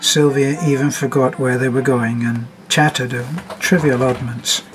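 A man reading a story aloud as narrator, in a measured, even manner. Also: medium pitch, music in the background, rough recording.

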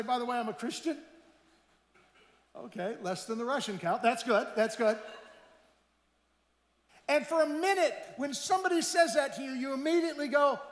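A man's voice: very high voice, lively intonation, normal speed. A man preaching a sermon in church, telling stories in a conversational way, quoting people and asking the congregation questions. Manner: conversational preaching, asks the audience questions, quotes people he met. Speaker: missionary speaker. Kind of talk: sermon with storytelling. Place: large church hall. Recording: roomy church hall reverb.

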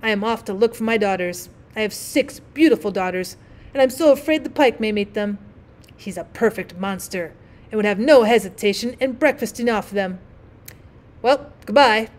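A woman's voice: mid-range voice, moderate pace, natural voice. A woman reading aloud, voicing a self-satisfied frog who talks on and on in a gushing manner. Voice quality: gushing, talkative.

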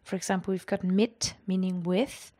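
A woman teaching a language lesson, explaining clearly and with lively energy. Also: medium pitch, normal speed.

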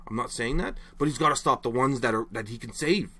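A man's voice: mid-range voice, fast talker, heavy background noise. A young man ranting casually to camera as a frustrated hockey fan, rambling and exasperated, apologizing after his outbursts.

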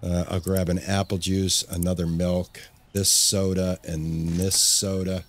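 A man's voice: deep voice, little pitch movement, a little slow. A man hosting a casual let's-play, narrating his gameplay as he goes and often repeating words to himself when things get busy. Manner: talks to himself, repeats words under pressure. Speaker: gaming channel host.

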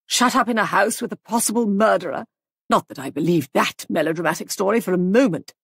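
A woman voicing a peevish older woman in an audiobook who talks in a loud, scornful, complaining way. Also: medium pitch, brisk, gravelly, husky, no room sound, studio quality. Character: peevish older woman, sharp-tongued and contemptuous.

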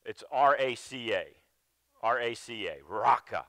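Slow, bright-voiced preaching man. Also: dry recording. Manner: emphatic preaching with sudden drops to a low, quiet voice; repeats phrases and restarts mid-sentence. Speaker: pastor. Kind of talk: sermon. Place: church sanctuary.

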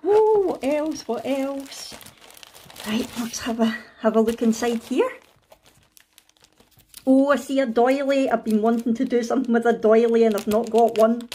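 A Scottish woman in a casual craft unboxing vlog, excitable and gushing, with frequent gasps and delighted exclamations. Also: fairly high pitch, slight background noise. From Scotland. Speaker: craft vlogger.

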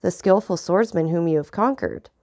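A woman's voice: lowish voice, moderate pace, dark tone, no room sound, clean studio sound. A woman voicing an anxious, earnest young soldier who pleads with his friend.

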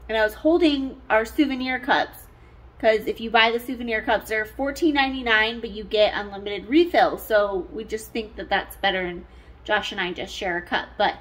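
Woman, family vlogger, casual rambling chat, lots of fillers, slightly high voice, handheld camera. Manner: chatty, rambling storyteller, many "like" fillers. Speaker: family vlogger, mother of twins. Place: hotel room.

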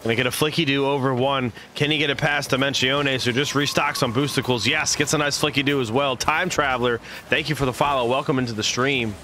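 A man's voice: mid-range voice, steady tone, fairly quick, sharp tone, slight background noise. A young man casting a video game match live, playful and full of made-up silly words, chatting with his viewers between plays. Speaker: esports caster and streamer.

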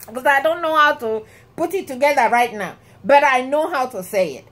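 A woman with a Nigerian accent chats straight to her viewers, her voice sitting high and bright. She tells her stories with lots of exclamations and bursts of laughter. The delivery is loose and conversational. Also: fairly quick. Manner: animated, laughing, exclamatory storytelling. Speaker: vlogger. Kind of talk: casual talk to camera.

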